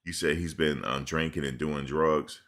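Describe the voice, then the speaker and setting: A man talks loosely into his streaming camera, with a very low voice. His tone is bright and forceful as he rambles through slangy stories and answers viewers' questions. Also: steady tone, normal speed. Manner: loose, rambling storytelling with slang, reads chat questions aloud. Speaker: live-stream commentator. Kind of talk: casual live-stream chat. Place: at home in front of a camera.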